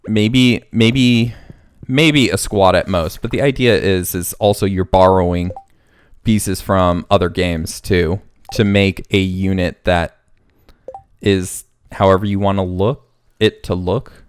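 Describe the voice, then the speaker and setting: A man's voice: sits low, steady tone, slow, a little hiss or hum. A man hosting a casual let's play, rambling and thinking aloud as he plays. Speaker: gaming channel host.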